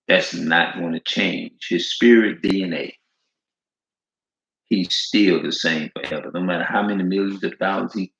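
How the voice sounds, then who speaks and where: A man with a very low, gravelly voice preaches in a loose, slangy way, hammering each point by repeating it. He reads scripture aloud between his remarks. The sound is roomy and echoey, with a dull, lo-fi edge. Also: a bit bright. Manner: emphatic, repetitive, slangy, drawn-out stresses. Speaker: street preacher. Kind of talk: informal preaching with scripture reading.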